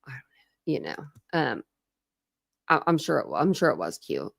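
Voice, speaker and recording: A woman's voice: a bass voice, big pitch swings, normal speed, gravelly, no echo, clean studio sound. A woman from Ohio hosting a casual true crime live stream, rambling, laughing often and answering chat comments. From Ohio, USA.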